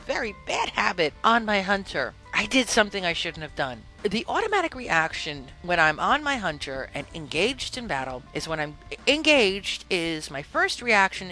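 A woman hosting a laid-back podcast tells a story, her pitch leaping around in a bright, slightly edgy tone. Every quote gets its own voice, and soft music runs beneath her on a poor-quality recording.

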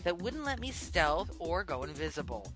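A woman hosting a gaming podcast in casual chat, upbeat and quick to laugh. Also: on the low side, big pitch swings, music in the background. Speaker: podcast host.

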